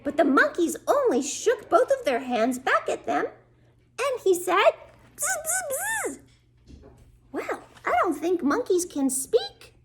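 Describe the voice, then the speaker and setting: A woman teacher reading a children's story aloud, expressive and asking the young listeners questions. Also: very high voice, measured pace, a little hiss or hum.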